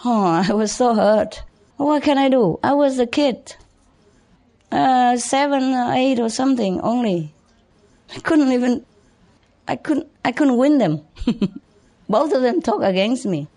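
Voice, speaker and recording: An older woman whose first language is Vietnamese, a spiritual teacher telling life stories to followers in a chatty way, laughing often and pausing with many fillers. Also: a little high, lively intonation, mellow. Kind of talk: storytelling talk to followers.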